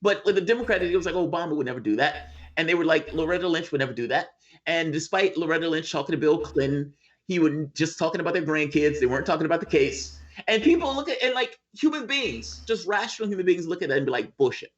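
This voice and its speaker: A man's voice: a little high, expressive, fast, muffled recording. A man as guest in a casual political chat over a video call, emphatic and profane.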